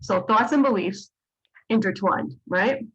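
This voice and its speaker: A woman's voice: mid-range voice, a little slow, slightly rough, highs cut off. A woman psychologist teaching a video lesson, explaining patiently and often checking in with "right?" and "okay?". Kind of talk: lecture to camera.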